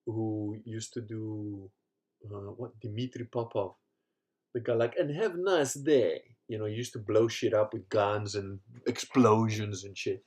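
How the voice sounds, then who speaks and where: A man's voice: lowish voice, little pitch movement, a little slow, a little mellow. A man hosting a casual livestream, rambling and swearing, tired from a long day on his feet. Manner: rambling, swears, laughs often. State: tired, leg cramps. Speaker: podcast host.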